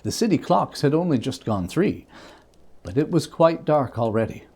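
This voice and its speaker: A man giving a dramatic reading of a classic novel, telling it with an expressive, varied storytelling delivery. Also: medium pitch, normal speed, husky. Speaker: reader.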